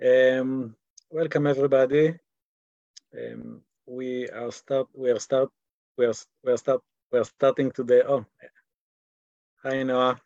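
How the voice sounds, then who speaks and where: Israeli male teacher on a video call, slow and dry, muffled lo-fi sound, often restarts sentences. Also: medium pitch, expressive, darkish tone, dry recording. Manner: halting, repeats words while searching for English. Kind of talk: online class lecture.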